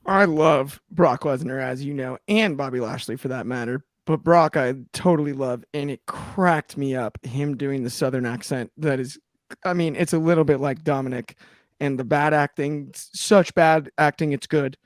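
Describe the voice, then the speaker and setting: A man's voice: mid-range voice, normal speed, no echo, clean studio sound. A man co-hosting a wrestling chat show, talking with enthusiasm and rambling in a loose, casual way. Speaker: podcast co-host.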